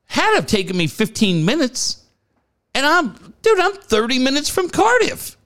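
A man's voice: extremely high pitch, wildly swooping pitch, moderate pace, fairly bright tone. A man in his late forties from the San Diego area, telling a story casually, swearing freely and acting out the voices of the people in it. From San Diego area, California. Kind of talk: casual chat.

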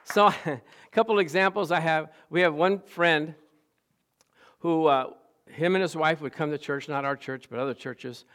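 A male pastor with a fairly high voice delivers a lively sermon. He tells stories, laughs along the way, and swells into loud exclamations on the key lines. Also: moderate pace. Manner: animated storytelling with laughs, rising to loud exclamations.

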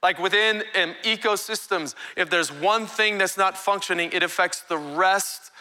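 A male pastor delivers a live sermon with a very bright, ringing tone. He preaches with energy, drawing amens from the congregation. His voice sits a touch high for a man. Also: moderate pace. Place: church sanctuary.

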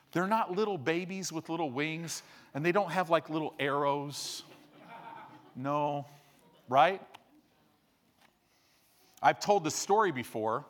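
A man preaching a sermon, telling stories animatedly, with sudden loud bursts and quiet asides. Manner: animated storyteller, swings between loud bursts and low hushed asides. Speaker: pastor. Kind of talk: sermon storytelling.

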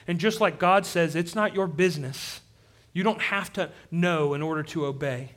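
A man preaching a sermon as pastor, shifting between energetic emphasis and quiet, intense moments. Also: on the high side, normal speed.

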